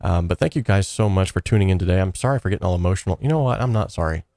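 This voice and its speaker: Racing through casual livestream chat, the host of a song contest has a low, gravelly voice and an earnest, encouraging manner. He rambles loosely with plenty of "uh"s, and the sound is close and dry, with no room sound.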